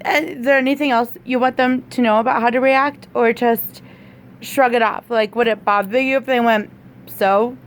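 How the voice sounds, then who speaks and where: High-voiced woman asking gentle questions. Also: steady tone, normal speed, a little hiss or hum. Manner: gentle, probing follow-up questions. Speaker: interviewer behind the camera. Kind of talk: casual interview questions.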